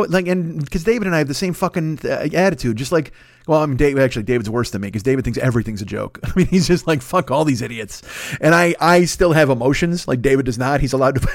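A man in his fifties, a podcast host rambling through a profane, animated casual monologue. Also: mid-range voice, no room sound, clean studio sound. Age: 50s.

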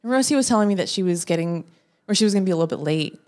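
A woman guest on a podcast, telling a story in a casual, animated way and acting out her own lines. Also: rapid-fire. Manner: animated, acts out her own quotes with rising pitch.

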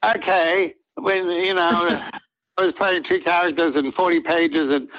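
An older man, an actor guest in an interview, telling reflective stories in an earnest, halting way with many restarts. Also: fairly high pitch, fairly even intonation. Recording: dull lo-fi audio.

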